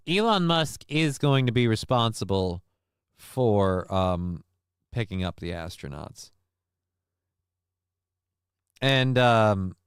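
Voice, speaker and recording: A man's voice: medium pitch, smooth, no room sound, studio quality. A man hosting a casual livestream, rambling, cursing and making sarcastic asides while reading chat messages. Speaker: livestream host.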